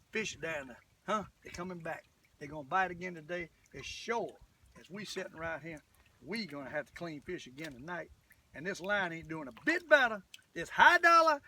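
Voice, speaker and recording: Out on a boat, an older man with a high-pitched, sharp voice chats casually while he fishes for his vlog. He rambles in a folksy manner, calling himself the old fisherman, and is recorded by a distant camera mic with a little background noise.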